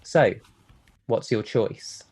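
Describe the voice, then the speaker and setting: A man voicing a calm old godlike figure who judges a soul, speaking in a hushed, measured way. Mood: grave.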